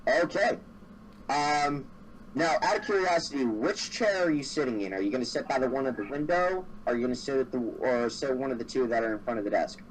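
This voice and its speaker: A man's voice: medium pitch, animated, a little fast, slight background noise, poor audio. A man running a tabletop game as game master, narrating casually with a lot of restarts. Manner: casual, rambling, laughs often.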